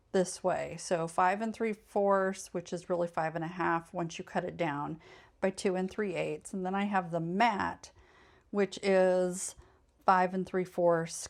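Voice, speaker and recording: A woman hosting a casual craft tutorial, chatty and meandering, often correcting herself mid-sentence and sounding a bit tired. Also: lowish voice. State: tired, yawning late in the evening. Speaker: craft channel host.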